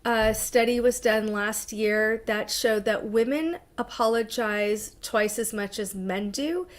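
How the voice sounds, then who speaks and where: A woman's voice: a little high, slow. A middle-aged woman, a psychotherapist, gives an informal webinar talk, full of fillers and restarts as she explains ideas conversationally. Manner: conversational, warm-hearted advice with frequent fillers and restarts.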